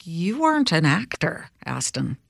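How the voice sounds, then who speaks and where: Woman interviewer, slow and lively, asking questions, dry sound. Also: sits low, gravelly, dry recording.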